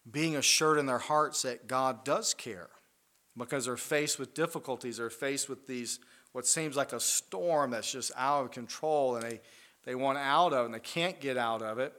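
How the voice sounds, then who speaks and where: A man preaching a sermon in an earnest way, swelling loud on key lines and dropping soft and low after them. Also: moderate pace.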